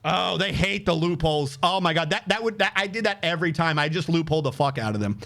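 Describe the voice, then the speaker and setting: A young man with a notably high-pitched voice tells a story casually while he streams. He is animated and profane, and he acts out each exchange he describes. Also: fast.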